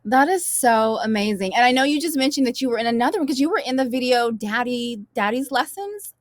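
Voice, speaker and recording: A woman's voice: a little high, animated, fairly quick, no room sound, clean studio sound. A woman interviewing a guest, asking questions in an enthusiastic, affirming way.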